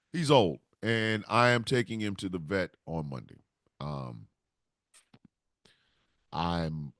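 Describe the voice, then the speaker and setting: A man's voice: low voice, takes it slowly, pauses often, fairly bright tone, dry recording, clean studio sound. A man hosting a podcast in a casual, rambling and heartfelt way, often restarting his sentences. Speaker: podcast host. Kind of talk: casual solo talk.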